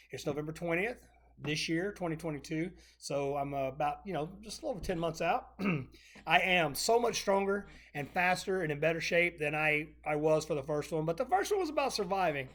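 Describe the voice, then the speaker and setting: A middle-aged man chatting casually to camera from his home exercise room, rambling, restarting phrases and clearing his throat. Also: on the high side, a bit bright. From North Texas. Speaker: vlogger.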